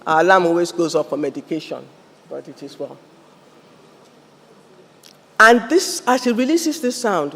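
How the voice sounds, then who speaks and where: A man with a Nigerian English accent giving a fiery motivational address at a conference, firing questions at the audience. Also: high-pitched. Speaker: conference speaker. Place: large event hall. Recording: long hall reverb, faint ambience.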